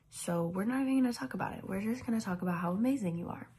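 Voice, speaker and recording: A young woman whispering an emotional tribute to a friend who is graduating. She keeps her voice hushed and swears casually. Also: mid-range voice, very fast, a little hiss or hum. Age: young adult. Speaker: sorority sister giving a tribute. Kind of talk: whispered video message. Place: dorm room at night, keeping quiet.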